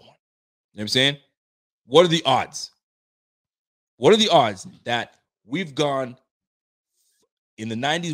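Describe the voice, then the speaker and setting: A man hosting a live stream and reading viewer comments in casual, slangy fan chat, swearing freely and getting himself worked up with excitement. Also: lowish voice.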